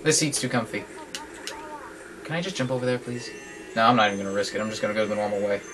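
A man casually commentating while he plays a video game, chatty and joking with sudden excited yelps. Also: fairly low pitch, fast talker, noisy background. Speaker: guest player commentating. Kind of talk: casual let's-play commentary. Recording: from a distance with game music behind.

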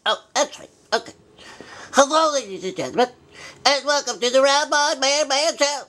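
A man voices a puppet comedy show's host, a forgetful, cranky old male bear rabbi who is bumbling, stubborn, and easily flustered. His voice is bright and forceful at a moderate pace, pitched high and cranky, and the character sounds flustered.

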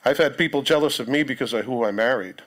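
A pastor, preaching a sermon in a conversational way, with joking asides to the congregation. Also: male voice, mid-range voice, fast talker, fairly bright tone. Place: church sanctuary.

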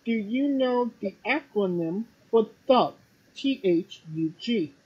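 A host asking casual interview questions with a dry, relaxed humor. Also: medium pitch, slow pace, husky, dull audio. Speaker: podcast host.

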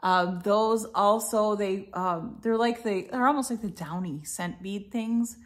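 A woman's voice: mid-range voice, unhurried. A middle-aged woman talks her way through an unboxing at home in an easy, rambling way. She trails off, fixes her own words and fills gaps with ums as she goes. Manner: chatty, meandering, many fillers and self-corrections. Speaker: vlogger reviewing a subscription box. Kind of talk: casual unboxing chat.

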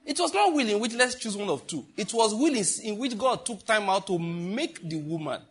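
A man's voice: high-pitched, animated, normal speed, a bit bright, breathy edge. A middle-aged man, teaching a sermon in a conversational, joking way and asking the congregation questions. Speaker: pastor.

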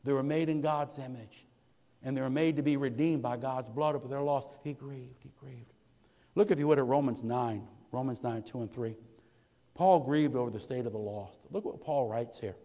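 A man's voice: medium pitch, moderate pace, dark tone, in a large hall. A man preaching a sermon as pastor, calling out "amen" to the congregation and swelling into impassioned peaks. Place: church sanctuary.

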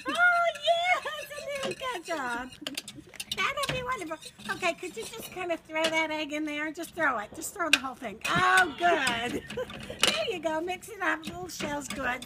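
An older woman doing an impression of a famous TV chef in a playful mock cooking demo, fluttery and exclaiming as she bosses her helper in a home kitchen. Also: very high voice. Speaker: grandmother hosting a mock cooking show. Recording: home video with loud background noise.

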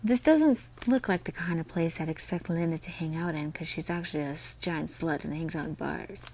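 A woman's voice: low-pitched, little pitch movement, a little fast, darkish tone, a little hiss or hum, poor audio. A woman playing through a visual novel, reading it aloud with sarcastic, profane asides. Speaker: let's play host.

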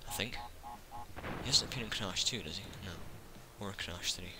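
A man's voice: low voice, normal speed, noisy background. A man giving casual let's-play commentary, full of sarcastic, joking asides to the game.

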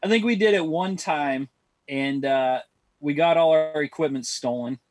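Calm, matter-of-fact man, dry close sound. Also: a little high, measured pace, no echo. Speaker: podcast guest, former boss. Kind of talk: casual chat.

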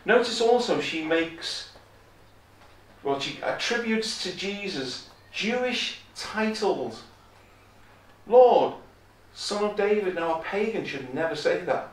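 A visiting preacher speaks slowly in a chapel, his fairly bright, high-sitting voice full of lively intonation. His sermon is emphatic, returning to key phrases and growing louder when he quotes scripture. It was recorded from afar in an echoing space.

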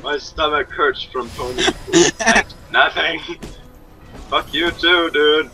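A man, trash-talking in a rowdy gaming voice chat, excitable and mock-angry, often cursing. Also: slow, soft background music, rough recording. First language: Danish. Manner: excitable, swearing, mock-angry, squeaky outbursts. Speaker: gamer.

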